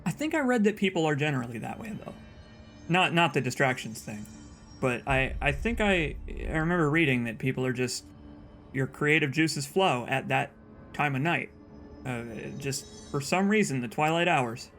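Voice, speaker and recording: A man's voice: fairly high pitch, lively intonation, normal speed, a bit bright. Young guy rambling thru let's play commentary, keeps tripping on his words, faint music behind. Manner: rambling, self-interrupting with repeated words.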